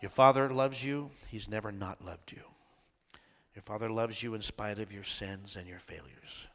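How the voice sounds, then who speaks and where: Bright-voiced older man preaching. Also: fairly low pitch, moderate pace. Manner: swings from loud shouts to hushed whispers. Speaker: pastor. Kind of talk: sermon. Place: church sanctuary. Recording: long reverb of a church hall.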